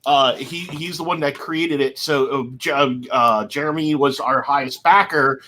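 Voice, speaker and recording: A man's voice: on the high side, steady tone, unhurried, bright, forceful tone, poor audio. A man co-hosting a casual podcast, speaking hesitantly with many "uh"s. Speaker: podcast co-host, project creator.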